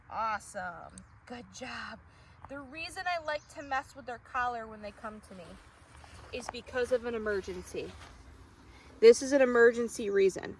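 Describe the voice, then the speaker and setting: A young woman dog trainer explaining a recall exercise during an outdoor training demonstration, calm between bright calls to the dog. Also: normal speed. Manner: explains calmly, then high excited calls to the dog. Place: outdoors on a walk. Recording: distant mic with outdoor noise.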